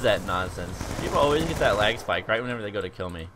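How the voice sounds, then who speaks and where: A young man giving joking, excitable commentary over his own gameplay as a video host. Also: on the low side, fast, noisy background. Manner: animated, joking, exclaims at the game.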